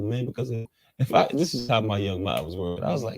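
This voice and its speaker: A man's voice: lively intonation, quick pace, a little mellow. A man telling his story as an interview guest, full of street slang and acting out the lines of the people in it. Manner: street slang, acts out quotes with jumps in pitch. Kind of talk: animated storytelling.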